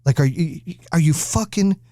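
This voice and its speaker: Foul-mouthed ranting podcast host, dry sound. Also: male voice, on the high side, normal speed, warm tone, no room sound. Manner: blunt, aggressive, swears constantly. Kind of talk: profane ranting monologue.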